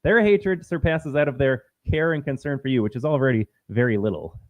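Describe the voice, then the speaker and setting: A man's voice: mid-range voice, fairly quick, dry recording, dull audio. A man co-hosting a political podcast, talking in a blunt, indignant way. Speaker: podcast co-host. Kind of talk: heated political podcast talk.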